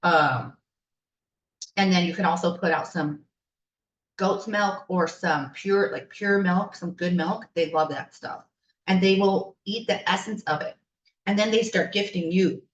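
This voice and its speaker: A fairly low-pitched woman talks like a spiritual coach, rambling through stories in a chatty, enthusiastic way. She sounds a little distant from the mic in an echoey room, and the audio is somewhat dull. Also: a little slow, slight background noise. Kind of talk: casual podcast storytelling.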